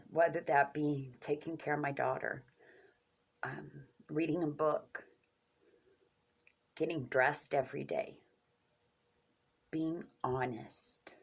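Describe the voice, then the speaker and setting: A middle-aged woman talking candidly and earnestly to her viewers, openly emotional, in short halting phrases. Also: low voice, creaky, slightly rough. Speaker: vlogger sharing coping skills. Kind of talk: candid personal talk to camera.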